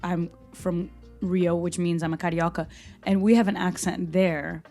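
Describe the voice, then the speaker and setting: Woman from Brazil, young adult, podcast host, low mellow voice, animated, faint music behind. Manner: animated, talks fast and passionately, laughs at herself. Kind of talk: casual solo podcast talk.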